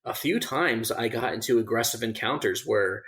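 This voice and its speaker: At a moderate pace, a man with a medium-pitched, fairly bright voice, a survival instructor, tells a casual story on a podcast. Many fillers and restarts pepper his telling, and he laughs through the funny moments.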